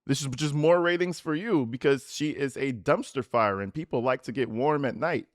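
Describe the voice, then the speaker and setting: A man ranting in a profane, mocking, animated style while giving reaction commentary on a video. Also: medium pitch, moderate pace, no room sound, studio quality. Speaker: commentary YouTuber.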